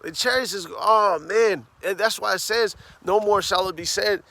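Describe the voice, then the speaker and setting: A man preaching on the street, fervent, tagging phrases with "man" and "all right?" and reading scripture slowly and emphatically. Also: high voice, creaky, sharp tone, dry recording. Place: outdoors on a city street.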